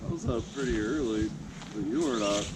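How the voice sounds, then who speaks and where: Lively man chatting outdoors in wind. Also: fairly low pitch, quick pace. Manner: laid-back, lively. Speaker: camping buddy. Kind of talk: casual chat. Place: outdoor campsite by a river. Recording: loud wind and outdoor noise.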